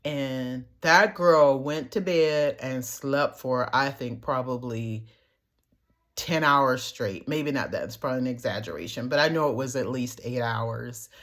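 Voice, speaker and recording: A woman's voice: extremely low pitch, unhurried, a bit bright. A middle-aged woman, telling foster parenting stories in a casual way to her viewers, laughing often and acting out what people said. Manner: chatty, laughs often, acts out quotes.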